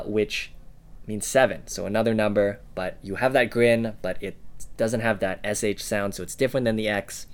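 A man co-hosting a casual podcast lesson, offering example words in a relaxed way with many "uh" and "um" fillers. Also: lowish voice. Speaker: co-host giving examples.

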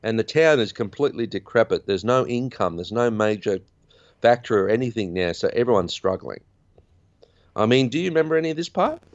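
A man's voice: medium pitch, animated, brisk, no echo, highs cut off. A man hosting a podcast, recapping a film in a chatty, rambling way. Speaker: podcast host. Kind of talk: casual film recap chat.

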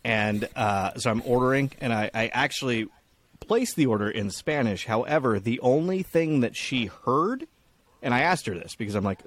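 A man of ordinary pitch co-hosts a casual podcast. He tells rambling stories in crude, profane language. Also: animated, moderate pace. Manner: crude, storytelling, swears freely. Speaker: podcast co-host. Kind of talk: casual chat.

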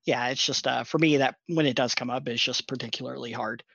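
A man speaks in a casual chat in a dry, slightly dull recording. He is thoughtful and measured, with plenty of fillers as he works out his points. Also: medium pitch, fairly even intonation, vocal fry, a bit bright, breathy edge, no echo. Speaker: tabletop game player.

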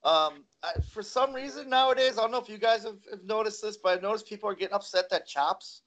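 High-voiced man telling wrestling stories. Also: fast talker. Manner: animated, laughing often. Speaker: guest wrestler. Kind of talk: casual storytelling.

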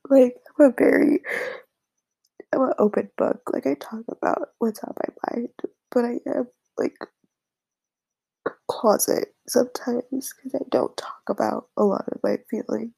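A young woman vlogger talking to her viewers in a tearful, halting way, with a blocked, nasal voice and many pauses and fillers. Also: fairly high pitch, fairly even intonation, creaky, warm tone, husky, low-quality recording. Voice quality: congested, nasal. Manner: halting, whispery and hesitant, full of fillers. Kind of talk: emotional personal talk to viewers.

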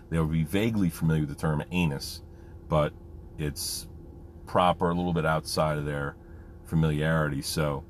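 A man's voice: very deep voice, slight background noise. A man and military veteran talking candidly in a casual monologue, rambling with many fillers.

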